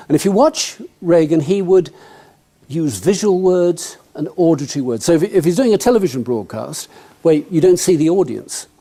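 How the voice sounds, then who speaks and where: A man speaks to a live audience about networking, joking and turning to them with questions. His voice sits a little high, with a mellow, relaxed tone. He sounds at ease in front of the room. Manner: humorous, conversational, addresses the audience directly. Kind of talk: motivational talk to an audience.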